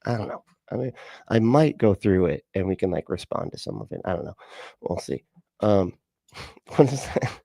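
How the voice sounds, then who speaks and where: A lowish male voice, close and dry with no room sound, reacting to videos on a livestream. He is sarcastic and swears freely, laughing at what he watches and chatting with his viewers. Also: very animated, moderate pace, gravelly, pauses often, dark tone, no echo. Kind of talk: casual livestream reaction and chat.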